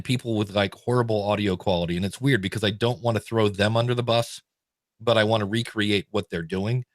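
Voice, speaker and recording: A middle-aged man hosting a podcast, telling a story in a casual, animated way with excited restarts. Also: on the low side, no echo, clean studio sound. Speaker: podcast host.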